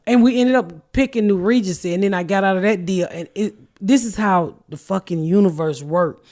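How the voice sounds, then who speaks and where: A middle-aged woman, hosting a podcast and telling profane, animated stories in casual chat. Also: mid-range voice, a little fast. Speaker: podcast host and comedian.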